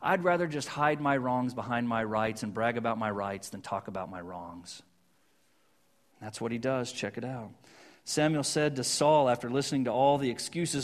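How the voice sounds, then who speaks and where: A man preaching a sermon that retells a Bible story, talking conversationally with jokey asides and hushed points for emphasis. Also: medium pitch, normal speed. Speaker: pastor.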